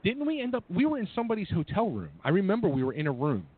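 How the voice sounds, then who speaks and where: A male radio host chatting loosely, chiming in with quick stammering remarks and introducing a caller. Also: high-pitched, slightly rough, dry recording. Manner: fast, lively, stammering, chiming in. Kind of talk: casual radio chat. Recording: dry phone-like line.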